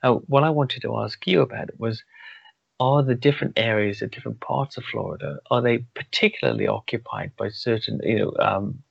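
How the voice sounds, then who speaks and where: A man's voice: medium pitch, brisk, creaky, breathy edge, no room sound. A man hosting a podcast interview, asking long thoughtful questions. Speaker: podcast host. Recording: dull lo-fi, dry sound.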